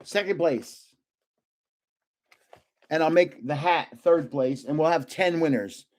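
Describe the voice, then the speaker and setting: A man's voice: on the high side, slow, darkish tone, slight background noise. An older man hosting a casual live stream, chatting and joking as he guesses card names aloud. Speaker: livestream host opening trading cards.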